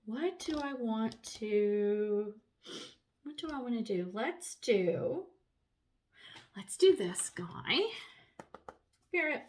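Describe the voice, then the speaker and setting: A woman giving a casual tarot reading to camera, chatty and animated, swearing freely and laughing often. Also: on the high side, very slow, pauses often, slight background noise. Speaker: tarot reader.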